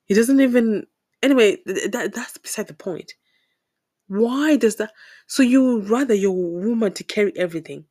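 A young woman from Zimbabwe talking to the camera in a casual, opinionated monologue, animated and exasperated, laughing often. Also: on the high side, moderate pace. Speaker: vlogger.

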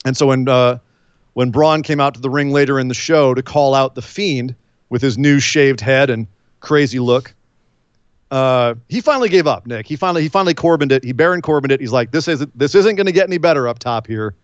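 A man co-hosting a casual wrestling recap chat, telling the story with lively quoted voices. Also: mid-range voice, fairly quick, clear, resonant tone, dry recording, muffled recording. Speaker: podcast co-host.

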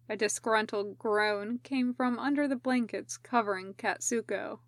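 A woman narrating a fan-fiction audiobook in a measured, even way. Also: fairly high pitch, no room sound. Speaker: podfic reader.

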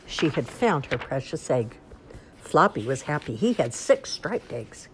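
A woman reads a children's storybook aloud, expressive and sing-song. Her voice is low, yet it rises and falls widely through every sentence, over a faint hiss. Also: a little slow.

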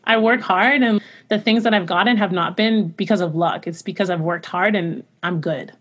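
A woman's voice: mid-range voice, moderate pace, a bit bright. Earnest chatty woman opera singer. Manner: chatty and earnest, filler-heavy with frequent "like"; laughs often while talking. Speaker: opera singer, interview guest. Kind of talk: casual interview talk.

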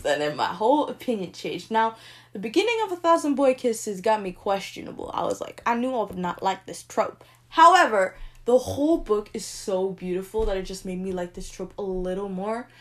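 A young woman talks through romance tropes in a casual vlog, her slightly high voice leaping into excited squeals and dropping to soft murmurs. She gushes freely and talks animatedly. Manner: gushing, animated, with big swings between squeals and murmurs. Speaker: book vlogger ranking tropes. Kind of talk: casual chat.

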